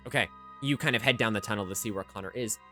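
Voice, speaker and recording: A man narrating a live tabletop game as game master, filling pauses with many ums. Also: lowish voice, pushed and bright, faint music behind.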